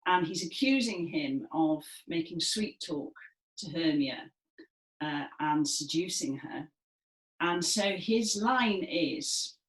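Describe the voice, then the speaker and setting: Slow, encouraging woman leading a class. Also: on the low side, lively intonation. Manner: slow, clear and encouraging, with dramatic emphasis. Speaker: movement and music session leader. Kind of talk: instructing a gentle seated movement class. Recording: echoey room.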